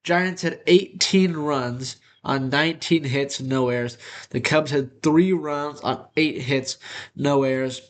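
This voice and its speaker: A man's voice: mid-range voice, slow. Upbeat young man with a congested nose. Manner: upbeat and energetic. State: congested, nasal. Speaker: host. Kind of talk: casual sports talk.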